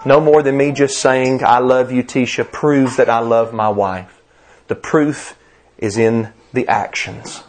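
A man's voice: medium pitch, fairly even intonation, slow pace. An older man with a Southern US accent preaching a sermon, driving his points home with emphatic repetition and rising stresses. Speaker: pastor.

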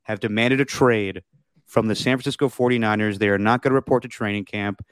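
A man's voice: lowish voice, fairly even intonation, fairly quick, smooth, no echo, clean studio sound. A man co-hosting a podcast in casual sports chat, jokey and prone to silly impressions. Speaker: podcast co-host.

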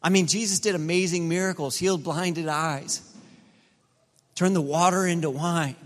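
A middle-aged pastor preaching an impassioned sermon in a large church. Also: male voice, on the high side, fairly even intonation, moderate pace. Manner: impassioned preaching, rising to fervent peaks. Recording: reverberant large hall.

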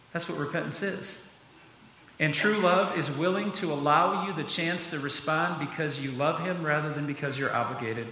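A man with a high-ish, bright, forceful voice preaches a sermon, earnest and building to emphatic peaks. His voice carries through a roomy church sanctuary with a long, echoing tail. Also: slight background noise. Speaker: pastor. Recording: echoey hall.

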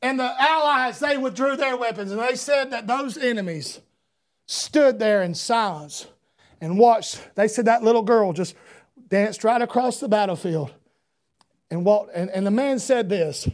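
Man, pastor, church sermon, high-pitched, shouting and storytelling. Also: unhurried. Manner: swings from loud shouted preaching to low storytelling. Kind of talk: preaching a sermon.

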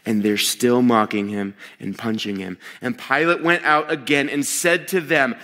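A man's voice: medium pitch, fairly even intonation, moderate pace, hardly any pauses, sharp tone. Man preaching in an echoey hall. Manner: conversational, retells scripture in everyday voices. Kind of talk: sermon. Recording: long echo of a large hall.

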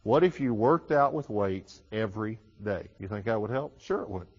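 Man preaching with big swings in volume. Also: lively intonation. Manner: dynamic preaching, rises loud on key phrases then drops low and quick; repeats words and restarts often, conversational. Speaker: pastor. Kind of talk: sermon. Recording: dull reverberant hall recording.

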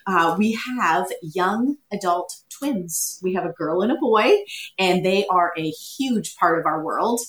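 A woman's voice: fairly low pitch, lively intonation, unhurried, fairly bright tone. A middle-aged Canadian woman chatting as a podcast guest, friendly and self-deprecating. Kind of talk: casual chat. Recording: echoey, distant from the mic.

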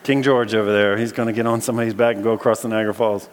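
A man preaching a storytelling sermon to a live audience, talking in a casual way full of restarts and turning animated when the story gets exciting. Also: lowish voice, very fast, a little hiss or hum. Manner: animated, bursts of excitement when telling stories; conversational, with many fillers and restarts. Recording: long reverb from a large hall.

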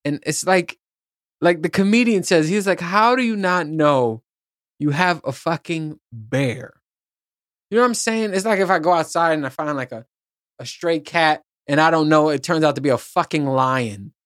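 Hosting a podcast by himself, a man with a fairly high, fairly bright voice talks fairly quickly in a rambling, casual way. He curses freely and laughs at his own remarks, and the sound is clean studio audio with no room sound.

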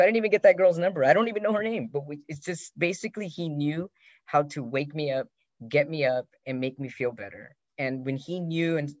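A man hosts a personal podcast and tells a long story in a rambling, heartfelt way. He gets lively whenever he quotes his friend. The recording is dull and lo-fi, with a dry, close sound. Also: on the high side, no echo. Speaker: podcast host.

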